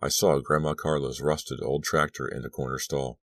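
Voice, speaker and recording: A man with an extremely deep voice narrates a horror audiobook in a measured, dramatic first-person reading. The sound is close and dry, with no room at all. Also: fairly even intonation, no room sound. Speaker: audiobook reader.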